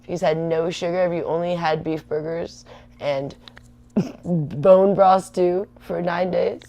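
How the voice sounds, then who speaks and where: A woman's voice: lowish voice, steady tone, slow pace, vocal fry, mellow, dull audio. A woman in her thirties hosting a livestream, rambling chattily and answering viewer comments. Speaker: livestream host. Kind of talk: casual rambling livestream chat.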